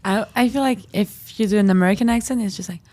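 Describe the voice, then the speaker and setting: Teen girl guest, giggly and animated, mid-pitched voice. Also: fast talker, a little hiss or hum. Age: teens. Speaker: exchange student guest.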